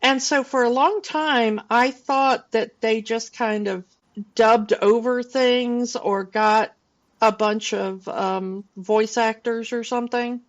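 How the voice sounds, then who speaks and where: This forties-aged co-host of a laid-back film podcast speaks slowly in a slightly high voice with fairly even intonation, wandering through her points with frequent fillers and restarts. The recording is muffled.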